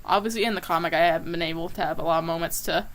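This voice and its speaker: A woman's voice: fairly low pitch, steady tone, very fast. A woman and comic artist chatting casually while drawing on a live stream, talking with lots of fillers. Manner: chatty, many fillers, drifts into soft asides.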